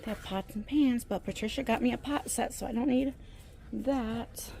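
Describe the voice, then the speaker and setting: A woman's voice: a little high, moderate pace, vocal fry, background noise. A woman chatting casually to her viewers in a vlog, rambling and jumping between topics while filming herself on a handheld phone. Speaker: YouTuber.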